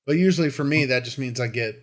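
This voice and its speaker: A man's voice: mid-range voice, fast talker. A man co-hosting a podcast in casual chat, self-deprecating and laughing as he talks. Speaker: podcast co-host.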